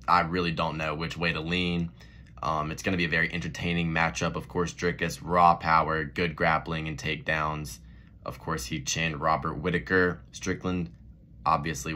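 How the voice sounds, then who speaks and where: A man hosting his own MMA video channel, giving a blunt, profane casual rant straight to his viewers. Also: a bass voice. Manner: blunt, profane, animated ranting. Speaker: MMA commentary vlogger.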